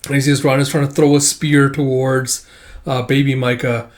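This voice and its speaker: A man's voice: medium pitch, flat delivery, normal speed. A man casually retelling a comic book, rambling and peppering every sentence with "like". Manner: rambling, filler-heavy with lots of "like". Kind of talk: casual comic read-through.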